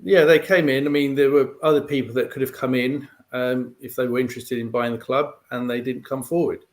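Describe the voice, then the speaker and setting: A male guest pundit giving measured, explanatory analysis in conversation, often filling with "um" and "you know". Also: mid-range voice, steady tone.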